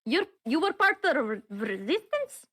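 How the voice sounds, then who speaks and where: A woman's voice: sits high, very animated, normal speed, pushed and bright. A woman playing a tabletop game, blunt and swearing, with frequent laughs. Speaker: player. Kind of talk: casual game chat.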